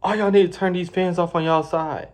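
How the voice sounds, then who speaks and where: A man's voice: high voice, steady tone, brisk, pitched above the performer's own voice, close to an everyday voice. A man voicing a bossy female warehouse manager who scolds and rattles off orders. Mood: curt.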